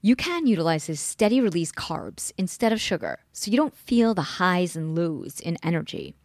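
A woman hosting a podcast, asking questions in a clear, upbeat delivery. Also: fairly low pitch, dry recording, clean studio sound. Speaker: podcast host. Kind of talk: interview questions and read sponsor spots.

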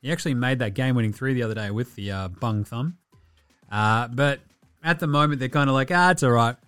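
An Australian man hosting a basketball talk show, chatting casually with profane jokes and quick asides. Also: medium pitch, fairly bright tone, clear, resonant tone, no room sound, soft background music. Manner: profane, joking, rapid asides. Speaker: basketball podcast host. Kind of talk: casual sports chat.

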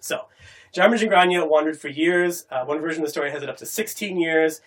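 A man retelling an old legend in a casual, animated chat. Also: fairly high pitch, fast talker. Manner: animated, acts out the quotes.

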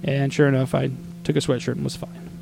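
A man from Arizona telling a travel story in casual podcast chat, exasperated and animated, acting out what people said. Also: medium pitch, brisk, creaky, soft background music.

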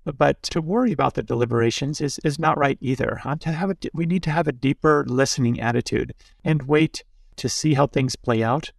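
A priest with a gravelly, textured voice speaks in a dry, close recording. He teaches reflectively and tells stories in a conversational way, tossing in little asides to his listener. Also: medium pitch, fairly quick, no echo. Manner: storytelling, with asides like "huh?". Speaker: Jesuit priest, guest.

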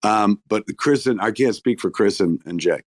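A man speaking in a low register, gushing and swearing freely as a guest in casual chat. He talks in bursts full of restarts. The mic is close and dry, with no room around him. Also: moderate pace, a little mellow, dry recording. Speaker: guest filmmaker on a live audio stage.

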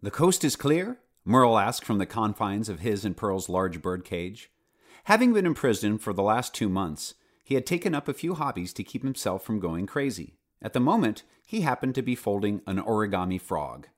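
Man, low voice, very lively pitch, storybook narration, playful asides. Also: normal speed. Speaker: audiobook narrator.

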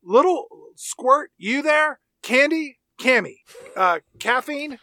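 A flippant, self-absorbed woman, put on by a man with a high, gravelly voice and a sarcastic, mocking delivery. The voice sits close and dry. Every word is careless and gushing. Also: animated, takes it slowly, pushed and bright, dry recording, heavily acted.

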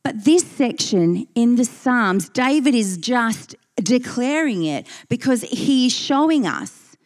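Earnest woman preaching at an unhurried pace. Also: on the high side, big pitch swings. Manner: earnest, emphatic, repeats phrases. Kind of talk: sermon.

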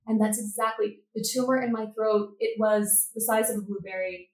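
Animated woman telling her story. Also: on the high side, a little fast, few pauses, reverberant, rough recording. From Canada. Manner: lively, acts out quoted dialogue. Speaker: podcast guest, business coach. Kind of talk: storytelling interview.

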